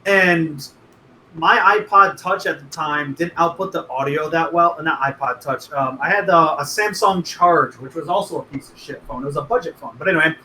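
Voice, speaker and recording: High bright-voiced man telling rambling stories. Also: echoey room, slight background noise, low-quality recording. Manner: rambling profane storytelling. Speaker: podcast co-host. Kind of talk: casual chat.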